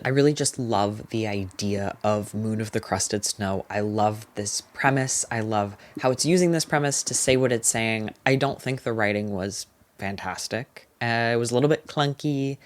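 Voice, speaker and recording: In this laid-back book review vlog, a young adult speaks in a mid-range voice. Chatty and full of opinions, they scatter "like" throughout and deliver fast, forceful judgments.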